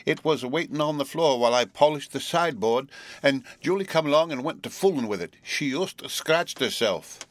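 A man voicing a flustered young woman servant explaining herself in a hurried, apologetic way. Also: on the high side, expressive, voice pushed up, lightly acted. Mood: defensive.

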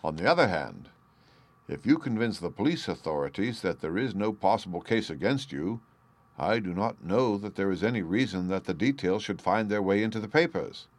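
A man voicing a composed, shrewd Victorian detective who speaks in a measured, precise way. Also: fairly low pitch, animated.

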